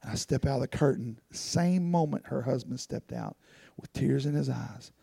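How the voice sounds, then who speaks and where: A man's voice: mid-range voice, moderate pace, gravelly, dark tone, slightly rough, no room sound. A man preaching a sermon as pastor, telling personal stories earnestly and rising into fervent pleading.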